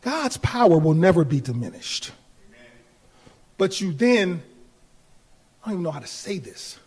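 A male pastor preaching a sermon, building from quiet talk to shouted appeals with laughter in between. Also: high voice, sing-song, unhurried, breathy edge. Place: church.

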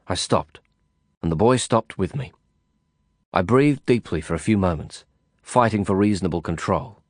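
A man narrating a first-person novel in a measured, reflective storytelling manner. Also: sits low, no room sound, clean studio sound. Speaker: audiobook narrator.

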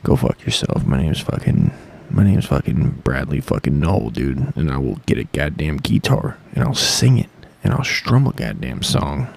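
A man's voice: a bass voice, big pitch swings, moderate pace, gravelly, hardly any pauses, a little mellow, husky, no room sound. A man hosting a podcast, rambling sarcastically and swearing constantly. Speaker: podcast host. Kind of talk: casual profane monologue.

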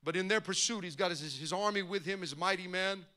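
High bright-voiced preaching pastor. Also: male voice, a little fast. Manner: impassioned preaching, rising to near-shouting emphasis. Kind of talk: sermon.

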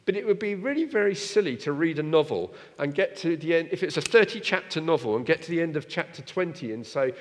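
A man preaching a sermon in a church, lively and direct, asking his congregation rhetorical questions. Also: fairly high pitch, quick pace, few pauses, in a large hall.

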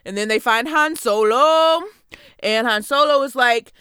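A woman's voice: fairly high pitch, a little slow, sharp tone, smooth, no echo, clean studio sound. A young woman hosting a casual comedic film review from a basement podcast setup, sassy and playful, with sudden whooping outbursts. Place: basement home studio.

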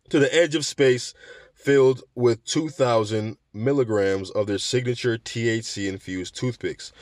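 Male commentator, sarcastic and lively, with a dry, close-miked sound. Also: mid-range voice, no room sound. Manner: animated, sarcastic, acts out voices. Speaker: commentator on cannabis news. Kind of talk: casual commentary.

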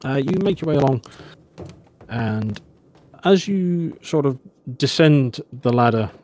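A man running a tabletop horror game as game master, narrating in a measured, descriptive way with some hesitations. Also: medium pitch, animated, a little mellow.

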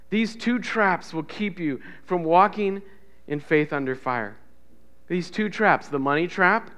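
A man preaching a sermon as pastor, swinging between loud emphatic repetition and soft hushed lines, and leading the congregation in call-and-response. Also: a little high, clear, resonant tone. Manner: builds to loud emphatic repetition, drops to soft near-whispers.

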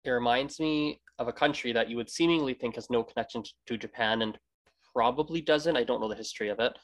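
A man's voice: medium pitch, quick pace. Rambling Canadian man hosting a chat. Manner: rambling, many restarts, acts out quoted greetings. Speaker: podcast host. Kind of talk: casual interview chat.

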